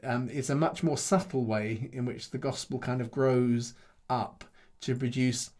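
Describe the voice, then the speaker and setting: Halting, chuckling middle-aged male pastor. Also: medium pitch, fairly even intonation, darkish tone. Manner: thoughtful, halting, many restarts and repeated words, chuckles often. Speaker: pastor and Bible teacher. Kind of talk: conversational Q&A answer after a teaching session.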